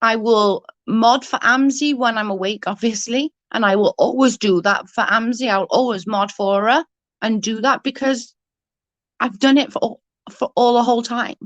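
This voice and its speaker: A young woman vents in an angry, profane rant, tripping over her words as she restarts sentences. Her voice sits a little high. The sound is dry and close, with no room around it. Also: moderate pace, no echo, dull audio. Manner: angry, swearing, ranting with restarts. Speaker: livestream guest. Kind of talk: heated casual chat.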